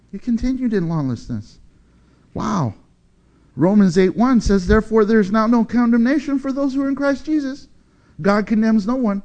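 A middle-aged male pastor preaching a sermon, animated, swinging between loud and soft and acting out the quotes he tells. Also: high voice, normal speed, highs cut off.

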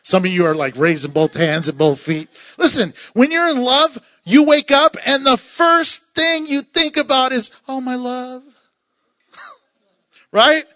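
A man's voice: very high voice, expressive, a little slow, pushed and bright. A man preaching a sermon as pastor, playful, with joking asides and chuckles.

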